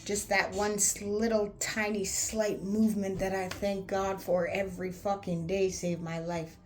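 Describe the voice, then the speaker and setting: A woman's voice: mid-range voice, little pitch movement, a little slow, darkish tone. A young woman telling her own story candidly, blunt and profane, rambling with lots of fillers. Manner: rambling, with many fillers like "like" and "anywho".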